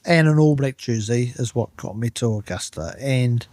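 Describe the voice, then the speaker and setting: A middle-aged man with a New Zealand accent, telling lively stories in a casual chat and acting out the people in them. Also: medium pitch, normal speed, no room sound. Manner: animated anecdotes, acts out other people's voices. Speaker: guest, turf manager.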